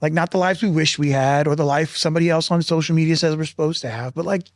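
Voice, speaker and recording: A man with a fairly high speaking voice tells stories in a candid roundtable, acting out quotes and breaking into laughter. The sound is dry and close. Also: quick pace, dry recording. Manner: animated storyteller who acts out quotes and laughs. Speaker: roundtable guest.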